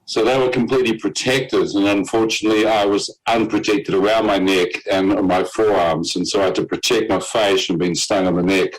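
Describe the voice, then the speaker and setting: A man with a fairly low voice, a guest sharing his testimony, recounts how he nearly died. He tells it quickly and animatedly with few pauses, acting out other people's lines in their voices and laughing at his own bad luck, on a low-quality recording.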